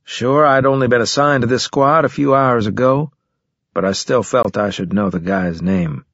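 A man narrating a first-person military science-fiction audiobook in a steady, measured way. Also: medium pitch, no echo, dull audio.

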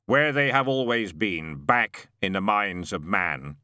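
A man reading an audiobook voices Death, a calm ancient male angel of death, speaking slowly and gravely. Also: on the low side, dry recording, clean studio sound, heavily acted. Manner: slow, grave, measured. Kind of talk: audiobook narration.

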